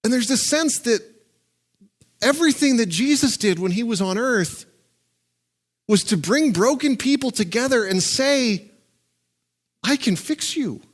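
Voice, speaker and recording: Lively high-voiced male pastor. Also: measured pace, long pauses. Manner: conversational and animated, with chuckles and asides. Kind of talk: sermon.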